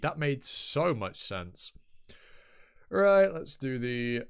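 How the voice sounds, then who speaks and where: Young man streaming live, animated up-and-down voice, rambling, self-mocking, cursing freely. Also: medium pitch, extremely slow, vocal fry, long pauses, clear, resonant tone. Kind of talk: casual live-stream chat. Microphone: desk microphone, set off to one side.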